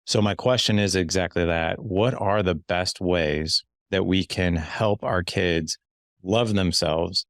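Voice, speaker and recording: A man with a very low voice hosts a podcast conversation. He speaks emphatically and often restarts or repeats words mid-thought. His voice sounds dry and close to the mic. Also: slow pace, no room sound. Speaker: podcast host. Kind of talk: casual interview chat.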